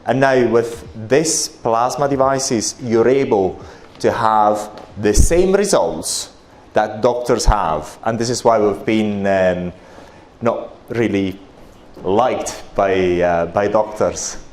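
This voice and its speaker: A man's voice: on the low side, slow, darkish tone, slight background noise. A man with an Italian accent giving a chatty, joking presentation at a conference, with many fillers and restarts. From Italy. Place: conference hall.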